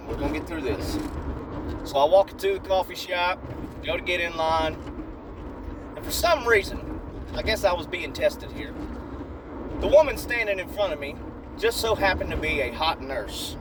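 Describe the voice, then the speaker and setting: Man, comedic storyteller, brash, animated, slightly high voice, noisy car. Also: moderate pace, long pauses.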